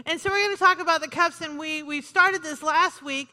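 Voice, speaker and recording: High bright woman preaching a sermon. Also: brisk, in a large hall. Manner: conversational with joking asides and repeated "Amen". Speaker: pastor.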